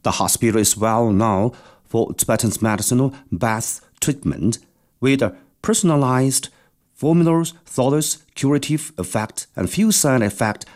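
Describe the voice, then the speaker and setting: A man's voice: medium pitch, a little mellow. A man presenting a scripted radio news segment, with slightly non-native phrasing.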